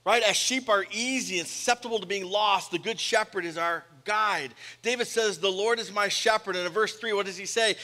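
A man preaching a sermon as pastor, swinging from loud emphasis to soft storytelling. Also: high voice, fairly quick, hardly any pauses. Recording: live sermon with long hall reverb.

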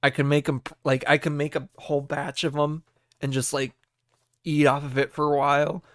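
A young podcast host in their twenties talks on their own in a loose, wandering way. The voice sits at a middle pitch and is full of "like" and "uh". The sound is close and dry. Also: flat delivery, moderate pace, no echo. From United States. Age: 20s. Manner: meandering, reminiscing, many fillers. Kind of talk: casual solo chat.

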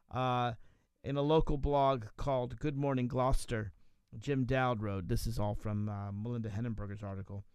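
Smooth-voiced male talk radio host. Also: mid-range voice, dry recording. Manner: conversational, with frequent fillers and restarts.

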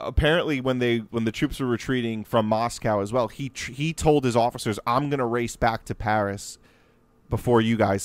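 A man's voice: fairly low pitch, dry recording. A man hosting a podcast, chatting casually about history with frequent laughs and restarts. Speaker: podcast host.

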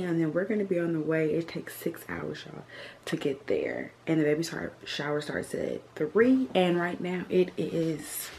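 A woman's voice: low-pitched, a little mellow, a little hiss or hum. A young woman chatting casually to camera in a car, upbeat and chatty. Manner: chatty and upbeat, drawn-out repeats. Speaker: vlogger. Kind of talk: casual vlog chat to camera.

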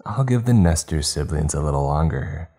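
A man's voice: extremely low pitch, expressive, normal speed, dark tone, husky, full character voice. A man voicing a cruel, smiling woman who speaks in a light, mocking way.

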